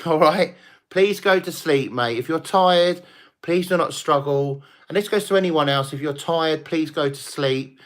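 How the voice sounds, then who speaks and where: This is a chatty, slightly tipsy man talking to his viewers on a late-night livestream. His voice sits a bit on the high side for a man. He rambles warmly between topics, with frequent swearing and laughter. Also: a little slow. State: tipsy from drinking. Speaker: livestream host.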